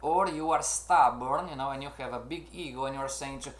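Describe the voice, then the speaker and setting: A man teaching a live online trading lesson, animated and checking in often with his class, acting out traders' worries in their own voices. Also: a little high, quick pace, hardly any pauses, slight background noise. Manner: animated, repeats "make sense, everybody?", acts out traders' inner voices. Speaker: trading instructor. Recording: roomy echo.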